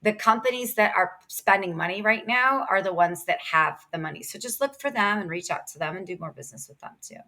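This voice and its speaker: A woman in her thirties chatting as a podcast guest. Her voice is bright and a bit tense, and her delivery is lively and quick. She gives practical sales tips in an easy, talkative way. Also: mid-range voice. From Ohio. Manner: energetic, quick, chatty with laughs. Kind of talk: casual interview chat.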